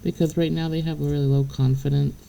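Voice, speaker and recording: Woman doing a tarot reading, gravelly and kinda dark sounding, swears a lot, keeps going "okay?". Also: low-pitched, little pitch movement, fairly quick, slight background noise, rough recording. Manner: blunt and profane, keeps checking in with "okay?"; chatty, laughs between points. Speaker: tarot reader. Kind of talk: casual spiritual reading to the viewer.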